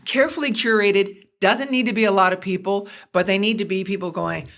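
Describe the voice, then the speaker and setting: Brisk and medium-pitched, a middle-aged woman chats as a podcast guest about her work in sports broadcasting and production. She tells stories with animation, acting out what people said.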